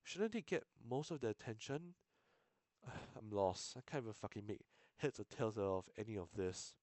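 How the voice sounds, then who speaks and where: A man's voice: lowish voice, lively intonation, darkish tone, dry recording. A young man reading a visual novel aloud on stream, swearing, stumbling and restarting lines. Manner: sweary, halting, self-interrupting. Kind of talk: casual game reading with asides.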